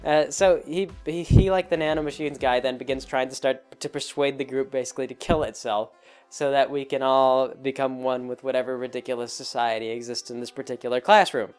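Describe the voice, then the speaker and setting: A man tells a long, rambling story in a mid-range voice, restarting sentences often and swinging between quiet asides and animated bursts. Faint music plays under him. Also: mid-range voice, a little fast, clean tone. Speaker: host. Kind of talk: casual storytelling monologue.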